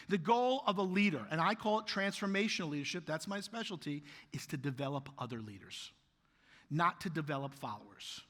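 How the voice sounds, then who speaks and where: A man giving an animated, jokey keynote speech to a conference audience, telling stories and questioning the crowd. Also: sits high, normal speed. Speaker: keynote speaker. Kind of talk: motivational keynote storytelling. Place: large conference hall. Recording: reverberant hall, live speech.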